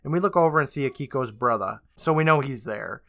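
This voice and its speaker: A man's voice: medium pitch, animated, fast, gravelly, a bit bright, no echo. A man hosting a podcast, recapping a TV episode in a loose, profane, sarcastic way. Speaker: podcast host.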